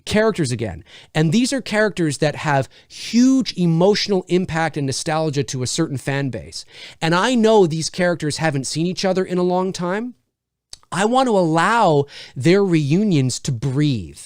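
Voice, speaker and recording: A man's voice: on the high side, big pitch swings, normal speed, no room sound, studio quality. A man, a screenwriter, giving a casual spoken review of a film and thinking aloud as he restarts his sentences.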